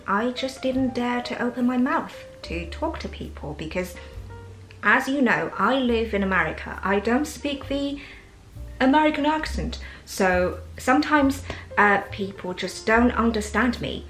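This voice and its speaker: A woman from China speaking English with a learned British accent, talking candidly and reflectively as a vlog host, with soft fillers and a Chinese mother tongue. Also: on the high side, animated, a little slow. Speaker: English teacher and channel host. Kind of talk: casual personal vlog monologue. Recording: roomy echo with faint background music.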